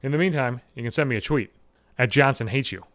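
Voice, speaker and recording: A man's voice: medium pitch, fast, fairly bright tone, no echo. A man telling a story as a vlogger in a profane, rambling comic rant, swearing constantly and repeating himself.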